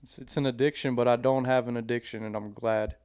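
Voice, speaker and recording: A man's voice: medium pitch, steady tone, fast talker, darkish tone, smooth, no echo, clean studio sound. A young man hosting a podcast, talking in a laid-back, casual way and swearing freely. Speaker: podcast host. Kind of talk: casual chat.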